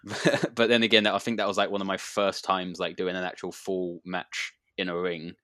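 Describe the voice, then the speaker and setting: A man's voice: sits low, level tone, normal speed, pushed and bright, dry recording, studio quality. A man who wrestles, telling a story in a rambling casual chat with many fillers and restarts.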